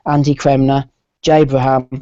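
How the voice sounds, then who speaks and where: A man hosting a live boxing podcast, briskly reading out names and calling on each panelist in turn. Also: mid-range voice, little pitch movement, mellow, no room sound, lo-fi sound. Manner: runs the show, reads lists and calls on panelists. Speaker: podcast host.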